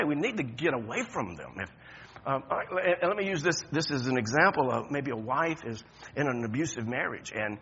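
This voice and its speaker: A man preaching a sermon as pastor, talking to the congregation conversationally, stumbling over restarts, then breaking into emphatic high points. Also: bright, forceful tone, muffled recording, a little hiss or hum.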